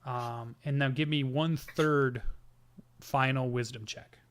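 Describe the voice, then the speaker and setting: Man, game master, tabletop narration, hesitant, frequent restarts, mid pitch. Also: steady tone, clean tone. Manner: halting, many ums and restarts.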